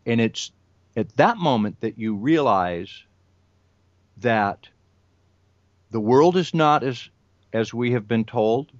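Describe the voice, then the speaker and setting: A man's voice: mid-range voice, animated, takes it slowly, pauses often, dry recording. Earnest older man, dry lo-fi sound. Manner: earnest, storytelling, with restarts. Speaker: television news reporter and remote viewer. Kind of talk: conversational interview talk. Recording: dull lo-fi audio, dry.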